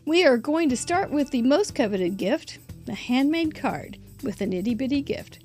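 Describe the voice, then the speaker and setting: A woman's voice: sits high, expressive, normal speed, a little mellow, faint music behind. A middle-aged woman hosting a live crafting show, bubbly and chatty, laughing often and tripping over names.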